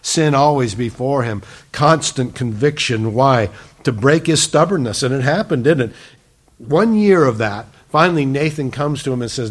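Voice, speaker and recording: Earnest man preaching, loud then hushed. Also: mid-range voice, normal speed. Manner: earnest, swings from loud emphasis to hushed softness. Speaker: pastor. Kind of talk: sermon.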